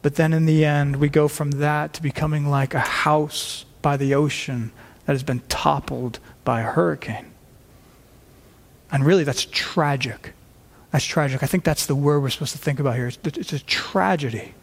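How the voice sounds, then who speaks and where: Earnest male preacher, slightly high voice, emphatic delivery, long reverb. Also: fairly even intonation, normal speed, gravelly. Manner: earnest, emphatic, quoting scripture in a lowered voice. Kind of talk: sermon.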